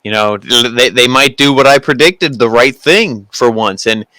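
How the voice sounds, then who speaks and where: Give me a man with a bright, forceful voice and a dry close sound, joking through a wrestling review. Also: medium pitch, measured pace, no room sound, rough recording. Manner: joking, mimics commentators and wrestlers. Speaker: podcast co-host. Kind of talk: casual wrestling review chat.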